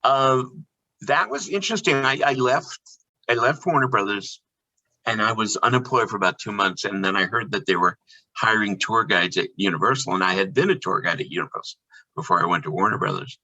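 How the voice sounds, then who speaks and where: Male podcast guest, low and husky, candid storyteller, lo-fi audio. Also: brisk, bright, forceful tone. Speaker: podcast guest, theme park performer. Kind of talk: casual storytelling chat.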